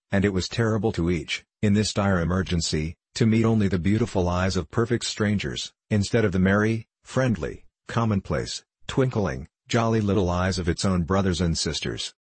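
A man narrates a children's storybook in a steady audiobook reading. His voice is very low and husky. The recording is dry and close, with no room sound. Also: dry recording.

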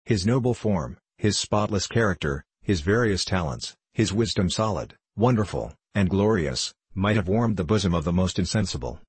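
A man's voice: deep voice, lively intonation, moderate pace, hardly any pauses, husky, no echo, full character voice. A man reading the part of an anguished young novice monk, in an impassioned, faltering, pleading voice.

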